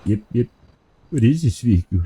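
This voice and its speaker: A man's voice: mid-range voice, animated, fairly quick, mellow, husky. A man, playing a police officer in a game roleplay, joking and swearing casually.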